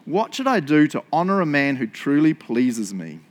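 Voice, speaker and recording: A man doing a high, exclaiming ancient king. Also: very animated, moderate pace. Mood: regal. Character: astonished ancient male king.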